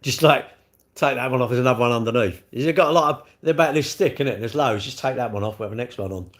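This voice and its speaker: A man talks loosely to his live stream, rambling from one thought to the next. He jokes at his own expense and answers comments as they come in. His voice sits at an ordinary middle pitch. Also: fast. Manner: rambling, jokey, self-deprecating. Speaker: livestream host. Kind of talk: casual chat reading live comments.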